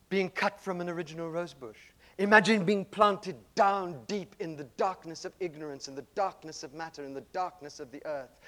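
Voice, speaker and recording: A man with a high voice gives a spiritual talk, dramatically telling a story as he swings between loud passages and hushed ones.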